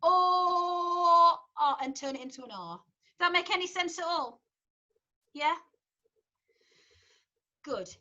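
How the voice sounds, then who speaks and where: A woman's voice: high voice, big pitch swings, unhurried, long pauses, sharp tone, dull audio. A woman with a Yorkshire accent, a choir leader explaining a song to her singers in a chatty, encouraging way. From Yorkshire, England. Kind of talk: online rehearsal instruction.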